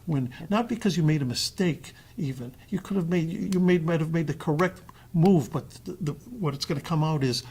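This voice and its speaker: A man with a slightly raised pitch and a husky, breathy edge. He is a panel guest spinning a story and acting out the lines of everyone in it. He breaks off and restarts phrases as he goes. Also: brisk, few pauses. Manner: animated, acts out dialogue in changing voices.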